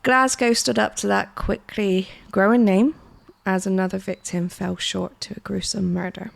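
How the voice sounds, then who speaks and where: A woman from Britain co-hosts a chatty podcast and walks through a true crime case in a loose, casual way. She laughs easily and swears freely. Her voice has a gravelly fry to it, at a middle pitch. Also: fairly even intonation, normal speed. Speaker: podcast co-host.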